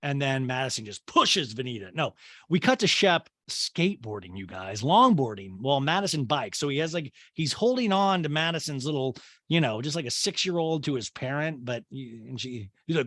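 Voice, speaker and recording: A man's voice: medium pitch, lively intonation, normal speed, a bit bright, dry recording. A man hosting a comedy podcast, recapping a reality show in a sarcastic, rambling way. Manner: sarcastic, rambling riffing with impressions. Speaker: podcast host.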